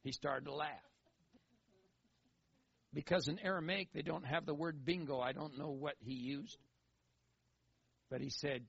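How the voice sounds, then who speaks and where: Man preaching, emphatic and repetitive, slightly raised pitch, husky edge, dry muffled recording. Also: a little slow, long pauses. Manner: animated, acts out quoted voices, emphatic repetition. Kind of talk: sermon.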